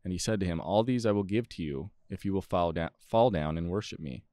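A man with a very low voice reads scripture aloud in a steady, plain way, tripping now and then over a word. He is on a close podcast mic in a dry room. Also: brisk, no room sound. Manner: steady, plain reading with small stumbles. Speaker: podcast co-host.

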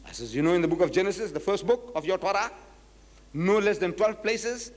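A man from South Africa giving a public lecture as a Muslim preacher, telling stories with acted-out dialogue and slowing down to quote scripture. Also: high-pitched, in a large hall. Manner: animated storytelling, acts out dialogues, slows to quote scripture.

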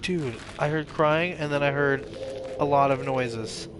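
A man's voice: a little high, unhurried, noisy background. Profane young man reacting to a game. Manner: profane, jumpy reactions, talks to himself. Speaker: gamer streaming a horror game. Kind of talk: casual let's-play commentary.

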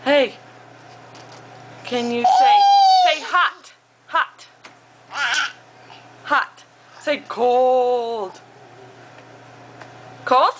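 A mother at home coaxing her babies to repeat words in slow, exaggerated sing-song baby talk. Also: high voice, wildly swooping pitch, a little hiss or hum. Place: home, at bedtime.

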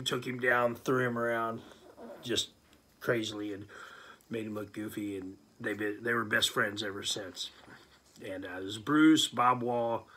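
A man tells a casual anecdote straight to the listener, lively and full of fillers as he acts out what people said. His voice is husky, a bit breathy, and sits at an average pitch for a man. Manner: animated, acts out quotes, many fillers. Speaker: storyteller.

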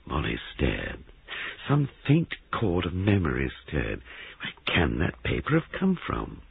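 A man narrating a mystery audiobook in a low, husky voice, with lively, animated inflection. The recording is dry and band-limited, almost like a phone line. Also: moderate pace, dry recording. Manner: animated storytelling. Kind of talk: reading a mystery novel aloud.

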